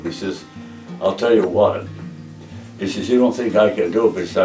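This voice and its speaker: A man's voice: low-pitched, moderate pace, pauses often, echoey room, distant mic, over music, rough recording. Older man telling war memories. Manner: plainspoken, repeats "he says" while retelling dialogue. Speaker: veteran interviewee. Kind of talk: oral history storytelling.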